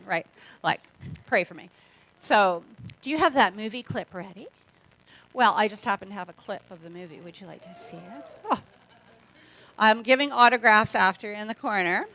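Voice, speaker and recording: A woman's voice: mid-range voice, a bit bright, no room sound. A middle-aged Canadian woman, a guest speaker giving a humorous testimony talk in a church, chatty and joking, acting out quoted voices.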